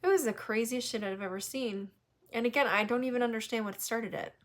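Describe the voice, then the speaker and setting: A woman from New Hampshire telling a story in casual chat, animated and swearing, laughing often. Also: on the high side, fairly quick. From New Hampshire, USA. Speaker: podcast host.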